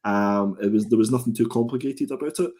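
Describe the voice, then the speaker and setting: A man's voice: lowish voice, fairly quick, a little mellow. A man co-hosting a casual comic review show, thoughtful and hesitant, often restarting his sentences. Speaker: co-host.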